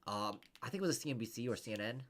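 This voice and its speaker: A man's voice: medium pitch, animated, rapid-fire, a bit bright. A man coaching over a video call, rambling casually with many restarts and fillers. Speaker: interview coach.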